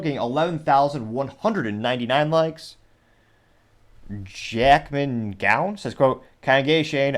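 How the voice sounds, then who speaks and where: A man hosting a news commentary show, rambling and correcting himself with wry asides. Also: medium pitch. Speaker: show host.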